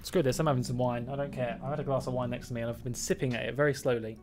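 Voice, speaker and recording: A man's voice: medium pitch, steady tone, rapid-fire. A man live-streaming gameplay, chatting playfully, mocking himself and talking to the game creatures and his viewers. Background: game music.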